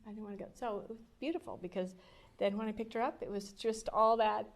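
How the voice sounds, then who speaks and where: A woman's voice: fairly high pitch, a little fast. A woman telling a parenting anecdote to a group, acting out the quotes in her story.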